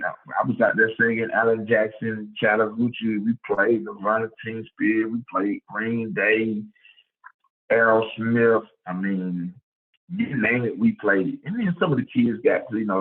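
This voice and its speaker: Man, football coach, clinic talk, lively conversational, repeats words, lowish voice, tinny phone-like audio. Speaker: high school football coach.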